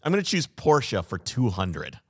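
A man's voice: lowish voice, wildly swooping pitch, moderate pace, slightly rough. A man playing a casual car trivia game with friends, competitive and boastful. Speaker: quiz contestant. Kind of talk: casual chat.

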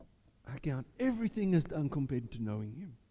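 A man preaching a sermon, acting out Bible voices with animated delivery. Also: mid-range voice, a little fast. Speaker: pastor. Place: church. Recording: long hall reverb.

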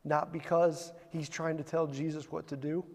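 A man's voice: a little high, flat delivery, normal speed, a little mellow, long reverb tail. A man preaching a sermon as a pastor, telling the story vividly and building to emphatic points.

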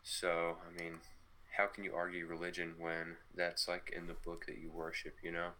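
A man's voice: deep voice, monotone, moderate pace, pushed and bright. A man co-hosting a casual podcast, offhand and hesitant, giving short replies. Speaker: podcast co-host. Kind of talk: casual chat.

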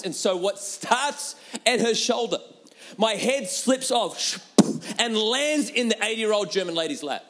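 A man's voice: high-pitched, animated, measured pace, fairly bright tone. A man preaching a humorous sermon, telling a personal story with laughter and a repeated rhetorical question.

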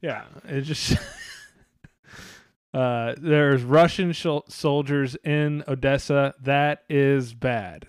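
A man's voice: medium pitch, drawn-out words, clean tone, dry recording, studio quality. A man hosting a podcast in casual chat. He rambles, swears a lot and laughs often. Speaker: podcast host.

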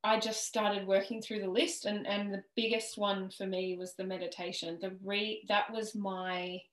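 A woman's voice: mid-range voice, normal speed. Woman telling her story in a roomy space. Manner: animated storytelling, laughs often. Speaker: podcast guest, worthiness coach. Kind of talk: casual interview chat. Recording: roomy echo.

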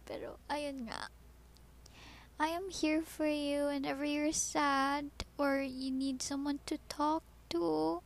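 A woman with a Filipino accent hosting a podcast, talking softly and rambling as she switches between English and Tagalog and calls the listener "baby.". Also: high voice, little pitch movement, slow pace. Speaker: podcast host. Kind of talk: personal podcast monologue.

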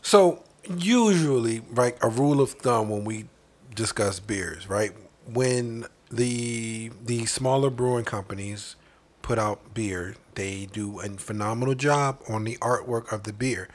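Measured man reviewing beer on a podcast. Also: medium pitch. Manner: thoughtful, measured, says "right?" often. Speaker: podcast co-host.

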